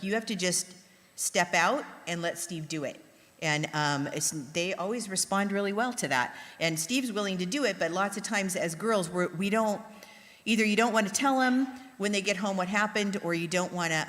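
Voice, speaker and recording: Middle-aged woman co-teaching: candid, animated storyteller, lowish voice, long hall reverb. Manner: chatty, animated, acts out her own reactions. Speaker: pastor's wife, co-teacher. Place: church sanctuary.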